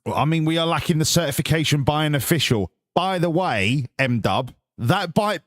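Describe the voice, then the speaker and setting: A man's voice: on the high side, lively intonation, moderate pace, no room sound, studio quality. A man with an English accent streaming live, chatting casually and swearing while bantering with his viewers.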